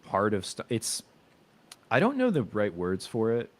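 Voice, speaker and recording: A man's voice: fairly low pitch, huge pitch swings, measured pace. A man in his thirties chatting casually on a video call as a stream host, rambling and hesitant, often correcting himself. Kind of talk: casual chat.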